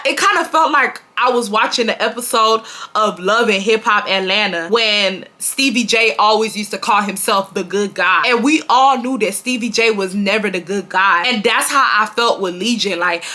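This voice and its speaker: Bright-voiced young woman telling a story. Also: mid-range voice. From Houston, Texas. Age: 20s. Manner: animated, acts out quoted dialogue, addresses viewers as y'all. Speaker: storytime vlogger. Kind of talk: casual storytelling to camera.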